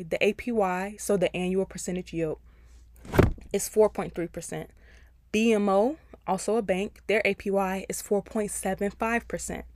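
A woman's voice: medium pitch, a little mellow, dry recording. Chatty woman podcast host, dry close sound. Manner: chatty and encouraging, speaks directly to listeners. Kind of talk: personal finance advice podcast.

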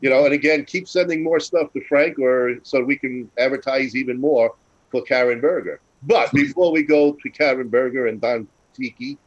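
A man's voice: mid-range voice, normal speed, highs cut off. A man hosting a podcast, introducing guests in an easygoing way. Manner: easygoing, laughs between lines. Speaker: podcast host. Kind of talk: casual podcast chat.

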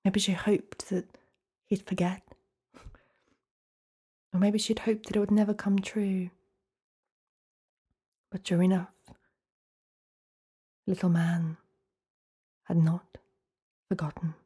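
Woman storyteller, slow and hushed, mellow tone, dramatic folktale delivery. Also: medium pitch, little pitch movement, slightly rough. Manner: slow, hushed and dramatic, often dropping to a whisper.

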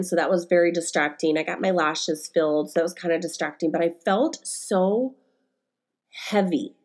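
Emotional woman podcaster rambling candidly. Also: medium pitch. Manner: rambling, candid storytelling with many fillers. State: emotional, close to tears. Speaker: podcast host and life coach. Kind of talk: casual solo podcast monologue.

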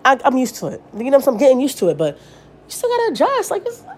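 Woman, 30s, podcast host, casual profane rant, rambling, rapid, lively pitch. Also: husky. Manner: animated, profane, rambling storytelling.

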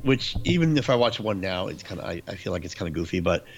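A man's voice: sits low, sing-song, fast, soft background music. A man in his forties, co-hosting a casual chat about movies and telling stories with laughter. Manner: storytelling, laughs often, acts out quotes.

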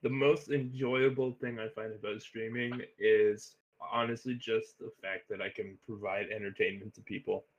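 Earnest male guest, mid pitch, halting delivery, dull muffled call audio. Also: level tone. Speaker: Twitch streamer guest. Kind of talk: casual podcast chat.

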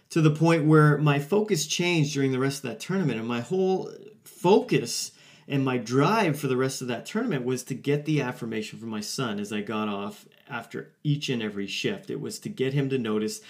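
This podcast host, a man in his forties, speaks in an animated mid-range voice at a moderate clip. His casual solo monologue recounts a personal story earnestly, full of fillers and restarts.

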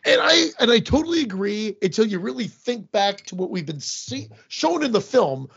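Gravelly high-voiced sarcastic man. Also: very animated, normal speed, fairly bright tone, muffled recording. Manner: wry, sarcastic quips. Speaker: podcast co-host. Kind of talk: casual movie review chat.

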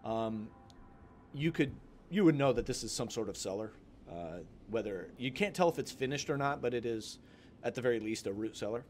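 A male game master narrating a tabletop horror session, pausing often and reaching for words as he goes. His voice sits at an ordinary middle pitch, with a faint hiss behind it. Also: lively intonation, darkish tone. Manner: hesitant, searching for words with many fillers.

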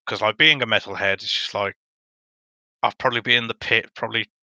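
Bright, low-voiced man, halting. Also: no room sound. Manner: earnest, halting, lots of fillers and restarts. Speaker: podcast guest. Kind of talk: casual chat.

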